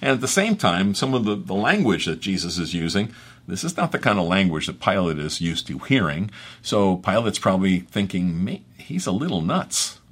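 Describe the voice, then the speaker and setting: A man's voice: low-pitched, expressive, moderate pace, breathy edge. A man preaching an expository sermon, reading scripture aloud with dramatic emphasis and breaking off into conversational asides. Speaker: pastor.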